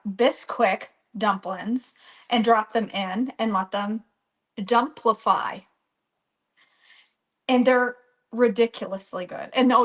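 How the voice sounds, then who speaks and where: A woman hosting a live cooking stream from her home kitchen, chatting and rambling as she greets viewers by name. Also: mid-range voice. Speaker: cooking channel host.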